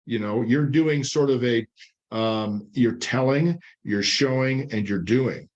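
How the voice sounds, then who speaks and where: An older man hosts a podcast in a calm, reflective way, drawing lessons out of his guest's stories. His voice sits at an ordinary middle pitch. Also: highs cut off. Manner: measured, sums up and draws lessons. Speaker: podcast host, the guest's father.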